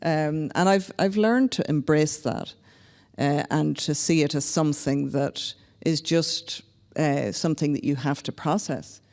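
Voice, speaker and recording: A woman's voice: sits low, unhurried, a little mellow, in a large hall. A woman from Northern Ireland speaking candidly and reflectively as a panelist at a public discussion. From Northern Ireland (County Antrim). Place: large hall at a public panel event.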